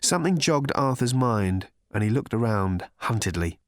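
Guy reading a comic audiobook, lively up and down voice, dry close mic. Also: mid-range voice, normal speed, no echo. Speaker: audiobook narrator. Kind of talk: scripted narration.

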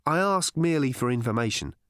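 Casting: male narrator doing a tired castaway, guarded and dry, lively lilt underneath, for an audiobook. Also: medium pitch, brisk, no room sound, lightly acted. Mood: wary. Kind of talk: audiobook character voice.

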